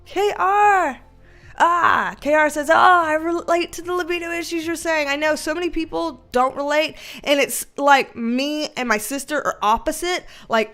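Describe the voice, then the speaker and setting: A woman's voice: high voice, moderate pace, fairly bright tone. A woman hosting a casual livestream, greeting viewers by name, laughing often and swearing casually. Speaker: livestream host. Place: dim indoor room with ring light.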